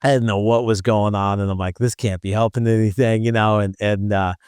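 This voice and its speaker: Smooth low-voiced male host. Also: fairly even intonation, a little mellow, dry recording, clean studio sound. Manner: halting, full of fillers and restarts. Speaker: podcast host. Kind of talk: casual chat.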